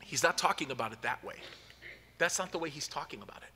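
A pastor preaches in a bright, forceful voice that carries a long reverb tail through a large hall. He tells his story at a steady pace, then builds to loud, emphatic peaks. The sound is that of a live sermon. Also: fairly high pitch, fast talker, slight background noise.

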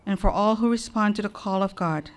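Woman reading the prayers of the faithful. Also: medium pitch. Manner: measured liturgical reading. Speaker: lector reading intercessions.

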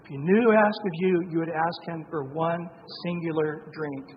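A man's voice: fairly high pitch, normal speed, slight background noise. A man preaching a sermon in an emphatic, conversational way, with asides to the congregation. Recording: dull lo-fi sound with long reverb in a hall.

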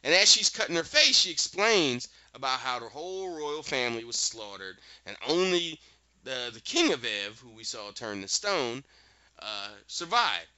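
A man hosting a podcast, recapping an episode in a casual, animated storytelling way with quick asides. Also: mid-range voice, clean tone, highs cut off.

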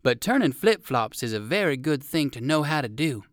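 A woman voicing an excitable little male poodle dog in a storybook, high and bouncy. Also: normal speed, dry recording, clean studio sound. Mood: cheerful.

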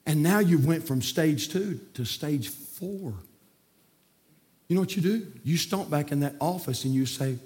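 A man preaching a sermon as pastor in a church, swinging between hushed passages and shouted climaxes. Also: fairly high pitch, measured pace. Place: church sanctuary.

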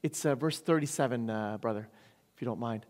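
A man's voice: mid-range voice, brisk, darkish tone. A man preaching a sermon as a pastor. He asks the congregation rhetorical questions, often adds "right?", and repeats key phrases for emphasis. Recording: long hall reverb.

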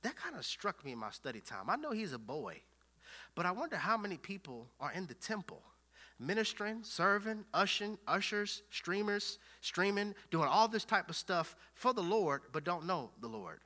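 A young man preaching a sermon, dropping to hushed whispers and rising to loud shouts, acting out scripture scenes with lively dialogue. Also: high voice, normal speed. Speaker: pastor.

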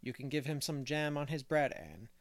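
A man voicing a stern, practical older woman with a brisk manner, in a dry audiobook reading. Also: medium pitch, expressive, no echo, natural voice.

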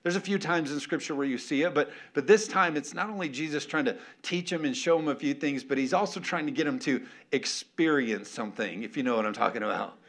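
A male pastor delivers a lively, playful sermon and keeps asking his listeners for an amen. His voice sits a little higher than most men's. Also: fairly quick, hardly any pauses. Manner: animated, playful, calls for amens.

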